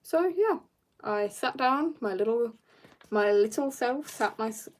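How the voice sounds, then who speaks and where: Woman streamer, raised in South Africa, slightly higher voice, loose talk with chat while sketching at home. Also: animated, a little slow. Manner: chatty, reads out and answers viewer comments. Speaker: art livestreamer. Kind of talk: casual chat while drawing live. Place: home, room upstairs.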